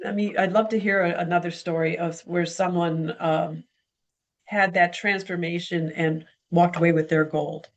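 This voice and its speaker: A woman hosting an interview in a somewhat low voice. She affirms her guest often with encouraging interjections. Her questions invite the guest to share more examples. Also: fairly even intonation, moderate pace, muffled recording. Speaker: host. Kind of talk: interview host.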